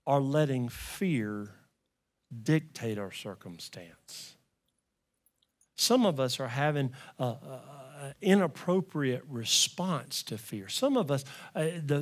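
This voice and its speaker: A man preaching a sermon as pastor, telling stories and rising to loud pleading cries. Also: mid-range voice. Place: church.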